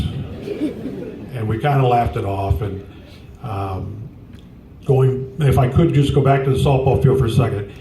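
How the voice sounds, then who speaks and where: A man in his sixties, a softball coach, giving a tribute speech in folksy storytelling style, acting out the dialogue. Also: medium pitch, lively intonation, unhurried, long pauses, slight background noise. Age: 60s. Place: large room at a memorial gathering. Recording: roomy, from far off.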